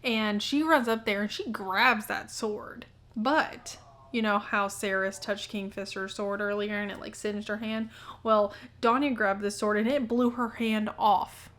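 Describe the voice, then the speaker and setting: A woman's voice: medium pitch, steady tone, measured pace, a bit bright. A young adult woman casually summarizing a book in a vlog, chatty and full of "like". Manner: chatty, heavy use of "like". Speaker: book vlogger.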